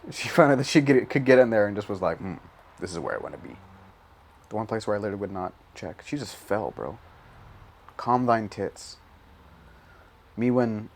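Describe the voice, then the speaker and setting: A man's voice: on the low side, darkish tone. Rambling, profane young man. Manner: rambling, profane, self-mocking, laughs often. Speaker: gaming YouTuber. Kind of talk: casual gameplay commentary.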